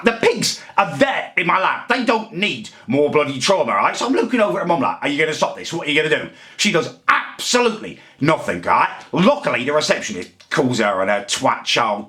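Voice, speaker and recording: A man with a mid-range, sharp-toned voice vlogs casually to camera. In this monologue he rants in exasperation, ending his sentences with "right?".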